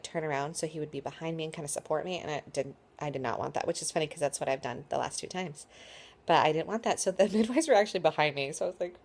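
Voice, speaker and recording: A tired woman in her thirties casually telling a birth story to camera, rambling with lots of likes and ums. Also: low voice. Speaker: vlogger.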